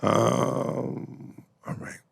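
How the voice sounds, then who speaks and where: A man's voice: medium pitch, flat delivery, very slow, gravelly, slightly rough, no echo. A man co-hosting a podcast, reading listener emails aloud in a casual, profane, joking way. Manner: profane, joking, breaks into laughter. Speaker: podcast co-host.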